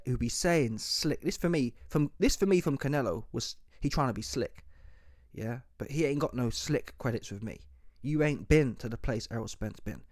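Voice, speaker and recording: A man giving an opinionated solo commentary, talking forcefully in slang and repeating rhetorical questions. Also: on the high side, dry recording, studio quality. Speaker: boxing commentary YouTuber. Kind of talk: opinionated monologue.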